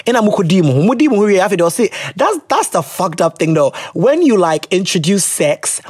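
Young podcast host, animated and swearing freely, dry close mic. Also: medium pitch, a little fast, few pauses, husky, dry recording. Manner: animated, laughing, swearing, switching into local phrases. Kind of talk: casual chat reading listener letters.

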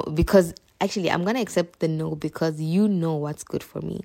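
Young woman podcast host, deep voice with fry, heartfelt testimony. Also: normal speed, few pauses, dark tone. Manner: emotional storytelling, addresses listeners as "you guys". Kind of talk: personal testimony on a faith podcast.

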